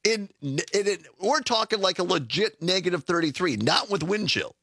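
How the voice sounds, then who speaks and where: A man's voice: high-pitched, expressive, normal speed, gravelly, bright, forceful tone, husky, no echo, studio quality. A man hosting a podcast, chatting casually, laughing and often saying "I mean". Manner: giggly, keeps saying "I mean". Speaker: podcast host. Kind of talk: casual chat.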